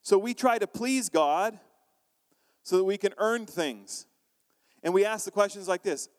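A man preaching a sermon as pastor, animated, acting out quoted voices and asking the congregation questions. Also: sits high, unhurried, long pauses, long reverb tail.

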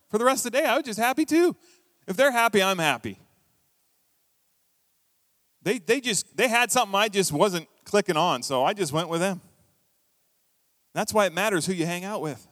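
A middle-aged man preaching in a church, his voice a little higher than most men's. He tells stories with animated, acted-out quotes. The mic is close and dry, with a long hall reverb behind it. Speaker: pastor. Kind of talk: sermon.

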